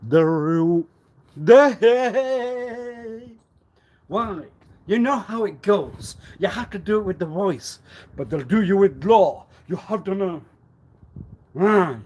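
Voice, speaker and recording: A man rambling on a live stream, repeating himself and swinging suddenly between loud and quiet. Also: high-pitched, lively intonation, takes it slowly, pauses often, a little hiss or hum. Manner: erratic, repetitive, with sudden swings in loudness. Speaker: livestreamer.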